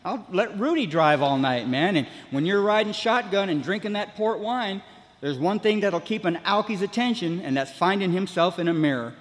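A man's voice: sits high, expressive, normal speed. Older man telling a rambling story. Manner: rambling storyteller, frequent "man, you know". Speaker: speaker sharing recovery story. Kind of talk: humorous recovery talk. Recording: long hall reverb.

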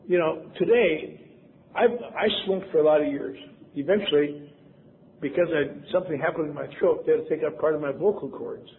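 Over a tinny, phone-like line with faint noise, an older Wisconsin man recounts something from his own life. His voice is fairly high and brisk, and his humor is wry and self-deprecating.

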